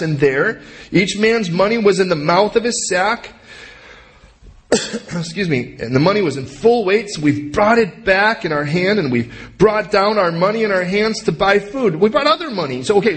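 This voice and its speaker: A man preaching through a scripture passage with lively energy, reading verses and then slipping into quick playful voices for the characters. His delivery is casual and conversational, like a teacher in the pulpit. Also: high voice. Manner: animated, acts out the story characters' lines. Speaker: pastor. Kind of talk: verse-by-verse sermon.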